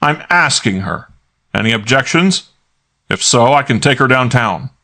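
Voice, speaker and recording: A man voicing a gruff, hot-tempered middle-aged police inspector in an audiobook, clipped and barking. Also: mid-range voice, animated, unhurried, bright, forceful tone, voice pushed up. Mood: interrogating. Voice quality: barking, clipped, jaw-clenched delivery. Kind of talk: audiobook character voice.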